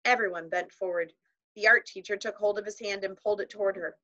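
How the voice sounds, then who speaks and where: A woman reads a children's novel aloud at an even storytelling pace. Her tone is bright and clear, and the recording is slightly muffled and lo-fi. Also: medium pitch. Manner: measured storytelling with voiced characters. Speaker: audiobook reader. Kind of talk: children's book narration.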